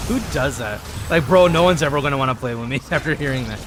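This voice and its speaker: A man's voice: mid-range voice, normal speed, background noise. A man streaming a group dungeon run, chatting casually and joking with his game and viewers. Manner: animated, joking, talks to his game and chat. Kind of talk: casual gameplay chat.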